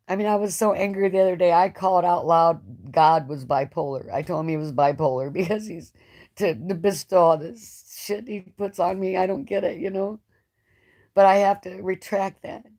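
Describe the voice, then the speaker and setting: A woman host in a live-stream chat, talking in an emotional, rambling way with many halting restarts. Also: on the low side, mellow. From United States. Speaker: channel host.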